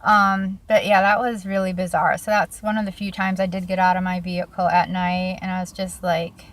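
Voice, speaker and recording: A woman's voice: fairly low pitch, flat delivery, moderate pace, few pauses. A young woman casually telling stories about her own life, chatty, laughing often and using lots of fillers. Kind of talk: casual storytelling vlog.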